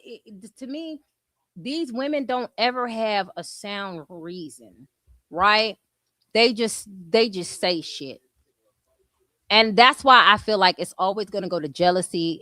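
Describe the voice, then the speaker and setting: A woman's voice: on the low side, fairly bright tone, no room sound. A woman streamer giving blunt, mocking drama commentary, full of rhetorical questions.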